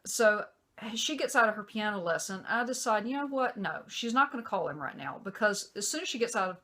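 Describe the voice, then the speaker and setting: A woman's voice: mid-range voice, expressive, brisk, sharp tone. A middle-aged woman vlogger telling a personal story casually, exasperated and rambling, with many fillers.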